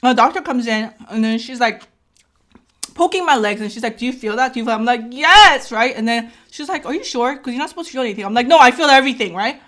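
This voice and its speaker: A woman's voice: on the high side, animated, fast, a bit bright. A woman vlogger telling a personal story in a casual way. She acts out the dialogue and keeps checking in with "right?".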